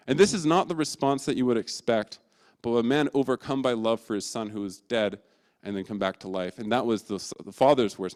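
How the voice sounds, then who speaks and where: A man's voice: on the low side, a little fast, a little mellow. A man preaching a sermon in a casual, storytelling way, acting out the scenes himself. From England.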